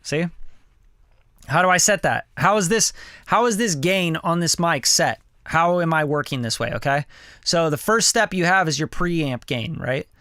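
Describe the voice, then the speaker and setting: A man's voice: fairly high pitch, animated, moderate pace, bright, forceful tone, no room sound. A man hosting a casual hands-on studio lesson, talking loosely and conversationally as he runs mic checks on his vocal chain. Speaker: studio engineer and host. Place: home recording studio. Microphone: studio vocal mic through preamp and compressor.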